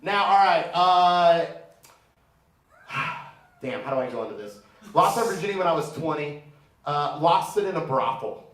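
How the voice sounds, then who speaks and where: Stand-up comic, man, 30s, high voice, brash and crude, echoey room, mic from a distance. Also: lively intonation, moderate pace, pauses often, a bit bright, slight background noise. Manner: brash, profane, teasing the crowd. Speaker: stand-up comedian. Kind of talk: stand-up set with crowd work. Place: comedy theater stage.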